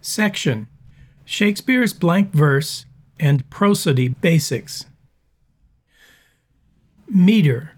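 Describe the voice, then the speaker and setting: Husky man reading a lesson. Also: a little high, animated, a little mellow. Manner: measured, explanatory reading. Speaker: narrator. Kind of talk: scripted narration.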